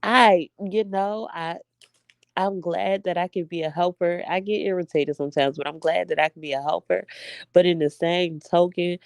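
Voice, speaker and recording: A woman's voice: on the low side, steady tone, normal speed, no echo, studio quality. A young woman venting to her viewers in a casual, emphatic heart-to-heart, addressing them as y'all. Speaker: vlogger.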